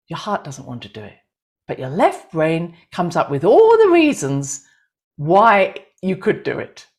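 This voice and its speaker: A middle-aged woman giving an animated talk on intuition and astrology to an audience, acting out inner voices and laughing often. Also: fairly low pitch, slow pace.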